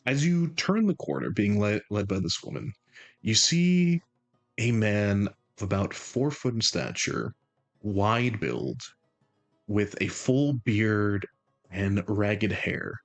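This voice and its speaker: Guy running a tabletop game, kinda deep voice, stops and restarts a lot. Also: sing-song, faint music behind. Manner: halting, many restarts and repeated words. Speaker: game master.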